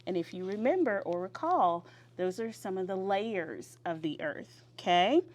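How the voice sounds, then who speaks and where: A woman's voice: medium pitch, lively intonation, darkish tone. Woman teacher leading call-and-response. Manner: encouraging call-and-response, drawn-out words. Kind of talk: classroom vocabulary lesson. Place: classroom.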